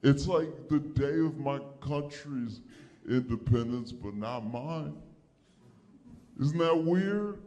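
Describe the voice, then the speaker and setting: A man performs stand-up comedy, taking his time as he leans into each story. His voice sits at a middle pitch, and he switches into raised, animated voices whenever he acts out a conversation. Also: slow.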